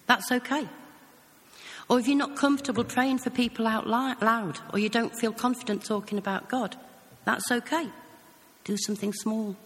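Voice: mid-range voice, moderate pace, fairly bright tone. A preacher with a British accent giving an earnest sermon, telling stories in a conversational way. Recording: long hall reverb.

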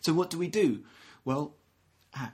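A man giving a gentle, reflective sermon, often restarting phrases and acting out short quotes. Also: a little high, expressive, unhurried, breathy edge. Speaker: minister.

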